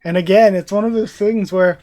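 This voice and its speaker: A man's voice: sits high, steady tone, fairly quick, mellow. Een man met een vrij hoge stem reageert live als YouTuber. Hij leest een manga voor en geeft geanimeerd, emotioneel commentaar. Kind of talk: live reaction, reading aloud.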